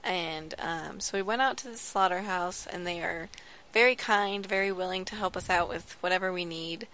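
A graduate student in her twenties tells stories casually on a podcast, her talk full of "like" and "um." Her voice is on the low side, bright and forceful, at normal speed.

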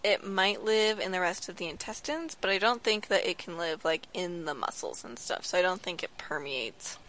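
A woman's voice: lowish voice, lively intonation, normal speed, fairly bright tone, a little hiss or hum. A woman in her twenties, a graduate student, chatting casually on a podcast with lots of "like" and "um". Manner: chatty storytelling, frequent "like" and "um".

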